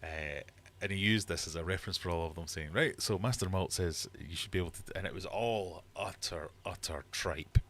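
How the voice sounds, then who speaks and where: Male streamer, low-pitched, casual chat, animated and exasperated in his storytelling. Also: brisk. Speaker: livestream host. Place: home fish room.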